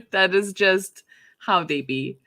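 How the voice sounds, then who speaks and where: A woman's voice: mid-range voice, animated, slow, fairly bright tone. A woman chatting casually on a livestream, giggling often as she talks. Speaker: book streamer.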